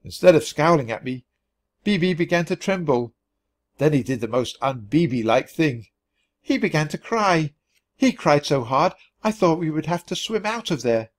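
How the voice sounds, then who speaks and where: A man's voice: mid-range voice, sing-song, normal speed. A man reading a children's book aloud for language learners, telling the story expressively in the first person. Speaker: storybook reader.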